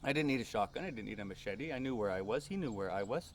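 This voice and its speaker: Calm man telling stories, faint outdoor ambience. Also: lowish voice, a little hiss or hum. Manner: calm, unhurried, with tag questions. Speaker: storyteller. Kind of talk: reflective personal storytelling.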